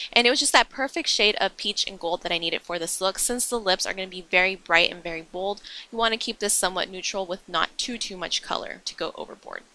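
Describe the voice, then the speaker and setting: A woman's voice: mid-range voice, sharp tone. A young woman talking through a makeup tutorial in a chatty, enthusiastic voice-over, explaining each step as she goes. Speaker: beauty vlogger.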